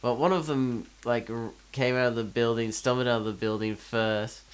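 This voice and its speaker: A man's voice: medium pitch, fairly even intonation, normal speed, clear, resonant tone. A man co-hosting a podcast in casual chat. He tells rambling stories and swears freely. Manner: laid-back, swearing, rambling storyteller. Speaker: podcast co-host.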